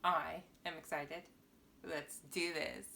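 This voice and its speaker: Slow, playful woman reading a picture book to kids. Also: low-pitched, vocal fry, background noise. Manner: playful, expressive storyteller addressing young viewers. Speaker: children's book reader.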